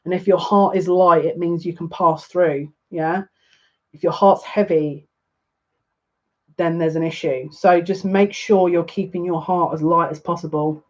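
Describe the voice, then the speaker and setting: A woman's voice: lowish voice, fairly even intonation, measured pace, lo-fi sound. A woman giving a live-stream tarot reading, chatty and emotional, talking back to viewer comments. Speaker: psychic reader.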